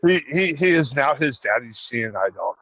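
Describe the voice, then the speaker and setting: A man's voice: mid-range voice, normal speed, muffled recording, a little hiss or hum. A man co-hosting a casual podcast, telling stories and acting out voices as he goes. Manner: animated storyteller, acts out voices. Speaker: podcast co-host. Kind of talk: casual chat.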